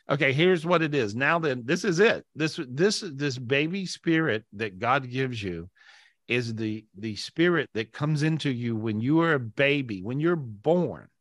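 Soft-spoken male spiritual host. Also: medium pitch, no echo, studio quality. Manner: soft, slow guided prayer drifting into animated chat. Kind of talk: live video-call podcast talk. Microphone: video call.

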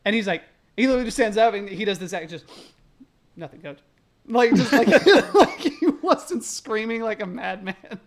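A man's voice: sits high, expressive, moderate pace. A young man on a podcast telling a story animatedly, swearing often and acting out the people he quotes. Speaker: podcast co-host. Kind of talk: casual chat.

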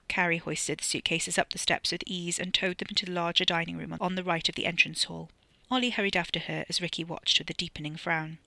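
An author reading their own novella aloud in brisk, wry audiobook narration. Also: mid-range voice, little pitch movement, bright, forceful tone, no room sound.

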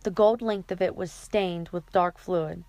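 A woman narrating an audiobook chapter in a steady, even reading. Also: fairly low pitch, measured pace, dry recording.

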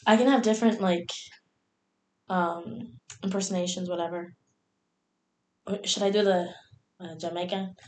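Chatting casually as a podcast co-host, a young adult woman giggles, says "like" a lot, and swears freely. She speaks at a normal speed in a mid-range voice with fairly even intonation and long pauses; the echoey room has slight background noise.

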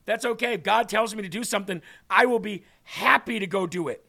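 A man's voice: high voice, fairly quick, creaky, sharp tone. A man hosting a faith talk show, preaching earnestly and emphatically and repeating phrases for effect.

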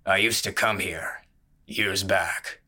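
A man voicing a grim, tight-lipped male brawler who speaks in short, flat, quietly menacing lines. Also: sits low, slow pace, breathy edge, exaggerated voice. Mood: guarded.

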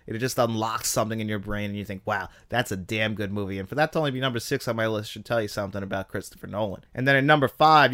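A man hosting a podcast, giving casual, opinionated commentary as he ranks films, his pitch jumping up when he gets excited. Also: no echo, clean studio sound. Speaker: podcast host. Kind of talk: casual film-ranking commentary.

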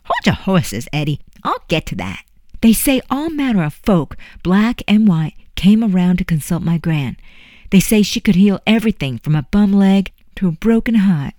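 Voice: mid-range voice, sing-song, a little mellow, no echo, clean studio sound, pitched above the performer's own voice, lightly acted. A narrator voicing a grown woman with folksy speech who patiently tells family lore. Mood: telling lore. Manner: folksy dialect, unhurried storytelling.

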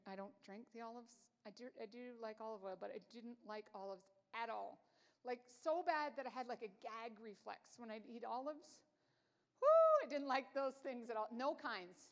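A woman in her forties giving a conversational sermon as a Bible teacher, telling stories in a chatty, self-deprecating way. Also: on the high side. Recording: long hall reverb.

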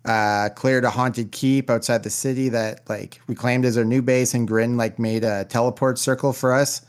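A man's voice: mid-range voice, steady tone, moderate pace. A man co-hosting a casual podcast chat about tabletop gaming, laid-back and full of filler words. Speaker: podcast co-host.

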